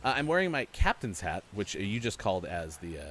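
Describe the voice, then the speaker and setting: Upbeat lively male streamer host. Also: fairly low pitch, fast. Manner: upbeat, rambling, many fillers. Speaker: show host. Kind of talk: casual livestream chat while gaming.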